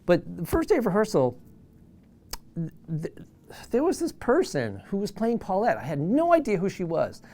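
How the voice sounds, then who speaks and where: Lively storytelling man in his sixties. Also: high-pitched, normal speed, pauses often. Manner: animated, acts out quoted voices. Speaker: Broadway animal trainer. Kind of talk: storytelling anecdote.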